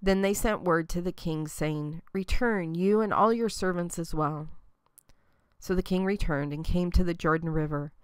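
A woman giving a measured, even reading of Bible scripture. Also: fairly low pitch, clean tone, no room sound. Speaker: scripture reader.

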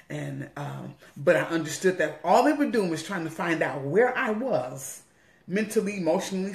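A woman bishop giving an earnest personal testimony, repeating phrases for emphasis. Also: deep voice. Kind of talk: personal testimony in a weekly online message. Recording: roomy echo.

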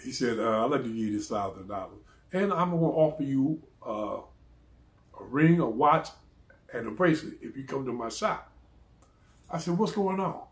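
Animated storytelling man, echoey room. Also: mid-range voice, moderate pace, pauses often. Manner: animated, laughs often, acts out quoted people. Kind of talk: casual storytelling.

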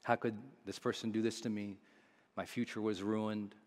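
A man's voice: lowish voice, little pitch movement, normal speed, a little mellow. Man, motivational speaker, earnest confessional storytelling, live audience, long hall reverb. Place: large seminar hall.

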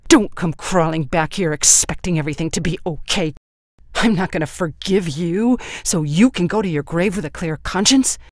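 A man voicing a bitter adult son who speaks slowly and forcefully in anger, for an audiobook. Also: a little high, dry recording, clean studio sound. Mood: furious. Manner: slow, clipped, louder angry delivery. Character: bitter grown man, adopted son, furious.

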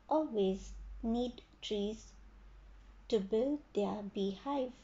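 A woman voicing a kind, patient male mango tree in a storybook, speaking gently and reassuringly. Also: a little high, dull audio.

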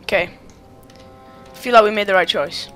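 A gamer giving let's-play commentary, excitable and quickly exasperated, talking back to the game as they play. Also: mid-range voice, soft background music. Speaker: gamer playing through a game.

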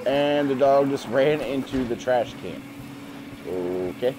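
A man's voice: mid-range voice, expressive, slow, background noise. A man giving jumpy, jokey commentary while playing a game, often talking to himself. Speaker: gamer. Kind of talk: let's play commentary.

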